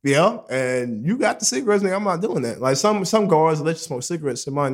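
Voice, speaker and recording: A young man with a slightly high voice tells a story briskly in casual chat. He's animated and profane, acting out quotes and laughing often.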